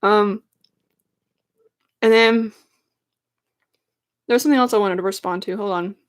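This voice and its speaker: A woman's voice: mid-range voice, unhurried. A young woman in her twenties rants casually to her stream chat, sarcastic and full of likes and ums.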